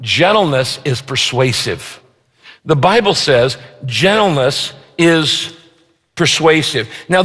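A man preaching a sermon as a pastor, emphatic and slowing down to stress key phrases. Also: a little high, fairly bright tone, big-room sound. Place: church sanctuary.

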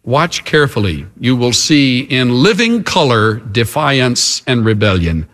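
Preacher guy talking slow and big, voice swinging way up and down. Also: mid-range voice, sing-song, a bit bright. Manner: dramatic, emphatic preaching with wide swings. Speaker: pastor. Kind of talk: sermon.

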